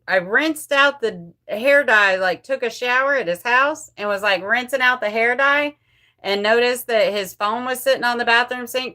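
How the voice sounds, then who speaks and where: Slow-talking bright-voiced young woman. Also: mid-range voice. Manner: candid and unfiltered, swears freely. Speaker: vlogger. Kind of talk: casual confessional chat.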